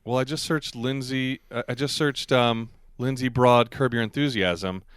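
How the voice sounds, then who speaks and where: This podcast co-host has a steady, smooth mid-range voice at normal speed, captured with clean studio sound and no echo. He rambles in casual chat while recapping a TV episode, laughing a lot and acting out quoted lines.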